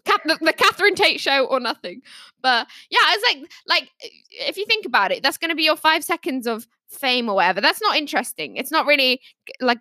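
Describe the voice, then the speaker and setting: Bright, giggly high-voiced woman. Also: no echo, studio quality. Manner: rambling, giggly storyteller. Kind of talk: casual podcast chat.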